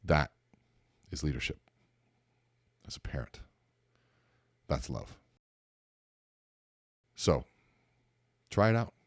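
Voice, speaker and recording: A man's voice: very deep voice, slow pace, long pauses, husky, no room sound, studio quality. A man hosting a podcast, giving a motivational talk on conversation and acting out the dialogue of his stories. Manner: animated storytelling, acts out dialogue in a raised voice. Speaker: podcast host and speaker coach.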